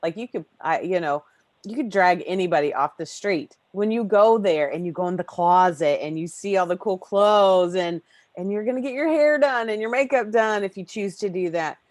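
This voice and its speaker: A woman's voice: mid-range voice, normal speed, darkish tone, dry recording. A woman hosting a podcast, talking in an effusive, rambling way and swearing casually. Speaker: podcast host.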